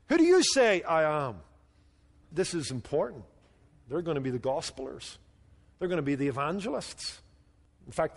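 Guy preaching a sermon, fairly high voice, goes low and soft to hit points, long echo. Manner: earnest, drops low and quiet on key points. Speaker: pastor.

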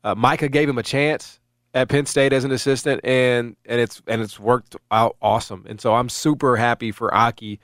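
A man's voice: mid-range voice, steady tone, moderate pace, fairly bright tone, no room sound, clean studio sound. A middle-aged man hosting casual sports talk, rambling with many restarts and fillers.

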